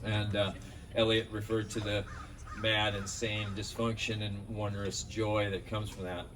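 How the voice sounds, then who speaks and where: Male eulogist, slightly low voice, chatty and rambling, picked up from a distance outdoors. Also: flat delivery, unhurried. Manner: rambling, anecdotal, many fillers. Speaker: speaker at a memorial. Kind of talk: storytelling memorial tribute. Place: outdoors in a park. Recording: distant mic outdoors, faint background noise.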